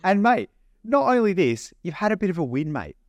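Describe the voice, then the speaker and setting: Brief: Aussie guy, lively bouncy pitch, dry close mic, playful teasing podcast co-host. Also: brisk, no echo. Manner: teasing, playful, says "mate" a lot. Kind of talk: casual podcast chat.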